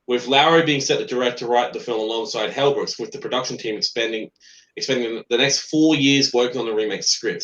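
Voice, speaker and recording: A sleepy man co-hosting a casual movie chat podcast, animated and excitable at times as he reads film news aloud. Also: medium pitch, roomy sound, muffled recording, slight background noise. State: sleepy, yawning. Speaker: podcast co-host.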